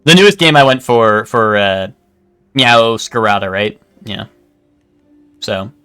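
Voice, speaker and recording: A man's voice: fairly low pitch, animated, slow pace, pushed and bright, clean tone, no echo, soft background music. A man streaming a game, chatting casually with lots of fillers and restarts. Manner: rambling, hesitant, lots of fillers. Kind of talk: casual chat while gaming.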